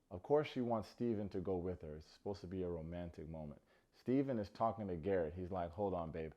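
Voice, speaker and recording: Joking man with a low voice. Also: darkish tone, muffled recording. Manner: playful, sarcastic, jokey asides. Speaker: recap host. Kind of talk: comedic TV recap commentary.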